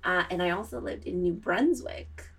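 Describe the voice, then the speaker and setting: A woman's voice: lowish voice, moderate pace, creaky, slightly rough. A woman from Canada whose first language is French, chatting casually and laughing often. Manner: laughs often, says "like" a lot. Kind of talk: casual conversation.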